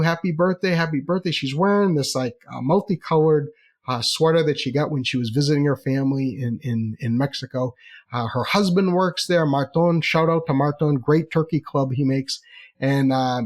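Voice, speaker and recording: A man telling a personal story in a chatty, animated way, repeating phrases for effect. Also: a little high.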